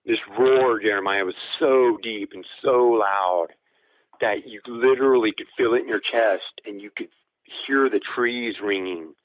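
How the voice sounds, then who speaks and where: A man with a fairly low voice recounts a personal encounter as a guest caller. He rambles through the story with fillers and quotes what people said, and his voice sounds dry and close, with no room around it. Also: measured pace, no room sound, poor audio.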